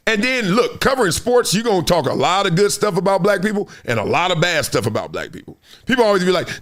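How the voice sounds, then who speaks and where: Animated, high-pitched man hosting commentary. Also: fast, hardly any pauses. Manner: emphatic, conversational, repeats "right?" and "no, no, no". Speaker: show host, former football player.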